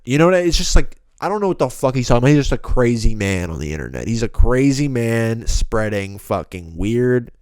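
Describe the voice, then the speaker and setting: A man's voice: medium pitch, darkish tone, clear, resonant tone, no echo, clean studio sound. A young man hosting a solo podcast, ranting bluntly and profanely in a rambling, casual way. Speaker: podcast host.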